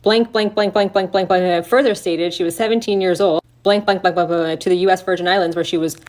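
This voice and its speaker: A woman's voice: on the low side, steady tone, a little fast, a little mellow. A woman co-hosting a talk show, reading a redacted report aloud and breaking off with sarcastic, indignant commentary and swearing. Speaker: podcast co-host.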